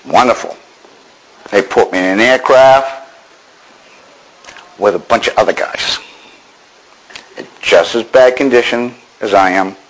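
A man's voice: medium pitch, rough recording. An older man from Maine telling his own war story with dry, wry understatement. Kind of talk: personal storytelling.

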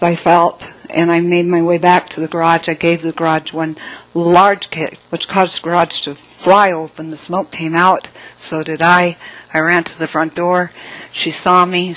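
A middle-aged woman telling her own story in an emotional personal testimony, often dropping to a soft hush. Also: on the low side, level tone, a little slow, low-quality recording.

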